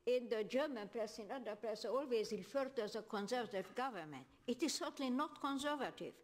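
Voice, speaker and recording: An older woman from Hungary with a Hungarian accent, a philosopher giving a frank, deliberate talk at a public hearing with searching pauses. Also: on the high side, lively intonation. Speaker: guest speaker, philosopher.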